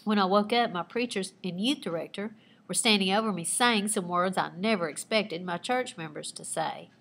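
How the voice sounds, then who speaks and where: A woman teacher reading aloud her own personal narrative with lively expression, pausing to point out the writing techniques she used. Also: medium pitch, gravelly, a little hiss or hum. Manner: expressive storytelling with asides pointing out figurative language.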